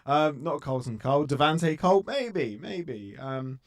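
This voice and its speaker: A man co-hosting a fan football podcast, speaking in a fairly high voice. He talks in a chatty, joking way, often restarting his sentences and padding them with fillers. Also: expressive, measured pace. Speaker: podcast co-host. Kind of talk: casual fan podcast chat.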